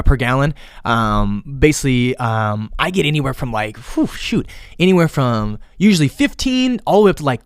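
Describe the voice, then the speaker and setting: A man hosting his own podcast alone, talking casually and cursing freely. He swings between low, mumbled asides and loud, pushy hype. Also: no room sound, studio quality. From Minnesota. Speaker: podcast host. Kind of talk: casual solo podcast monologue.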